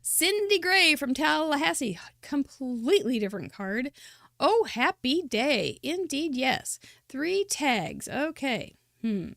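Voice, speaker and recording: A woman's voice: high-pitched, big pitch swings, slow pace, vocal fry, a bit bright, no echo, clean studio sound. Chatty, enthusiastic woman hosting a crafting stream. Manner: chatty, enthusiastic, praising viewers' cards. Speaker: host of a live crafting show. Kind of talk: live-stream card showcase commentary.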